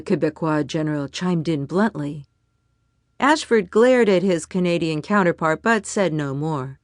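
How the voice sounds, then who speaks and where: Her low-pitched voice carries an audiobook narration that stays measured and even. The sound is dry, clean studio quality.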